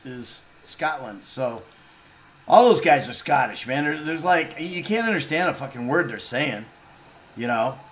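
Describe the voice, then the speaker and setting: A man's voice: medium pitch, a bit bright, slight background noise. Laid-back chatty man streaming a game. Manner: laid-back, chatty, laughs and swears freely. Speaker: actor streaming a game playthrough. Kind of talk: casual live-stream chat, reading viewer comments.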